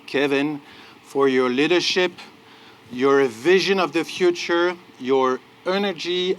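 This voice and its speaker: A man from France with a French accent, a company executive giving an earnest, halting press conference speech with repeated thanks at an outdoor launch. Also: mid-range voice, fairly bright tone, slight background noise.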